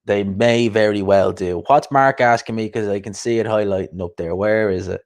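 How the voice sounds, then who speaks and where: A man hosting a casual livestream chat, chatty and quick to laugh, often repeating himself and swearing. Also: on the low side, steady tone. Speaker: host.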